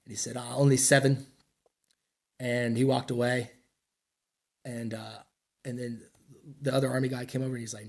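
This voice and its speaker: His voice is medium-pitched, a little mellow and steady in tone, and he speaks briskly. This middle-aged American veteran is a guest on a podcast, casually telling rambling war stories that are blunt, profane and self-mocking.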